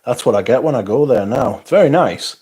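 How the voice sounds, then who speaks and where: A man's voice: medium pitch, lively intonation, brisk, mellow, husky. Man, livestream host, tired, yawning, rambling, self-deprecating, reading chat comments. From North East England. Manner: rambling, self-deprecating, frequent yawns and interjections.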